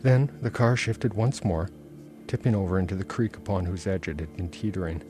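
A man, the author, reading aloud from his own novel in a measured, intense first-person narration. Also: low voice, music in the background. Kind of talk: literary reading.

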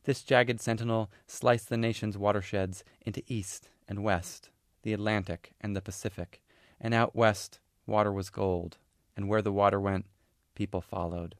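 Male author reading literary fiction; low register, measured pauses, dry close-miked sound. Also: fairly even intonation, no room sound. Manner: measured, unhurried storytelling with pauses. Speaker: author reading his novel.

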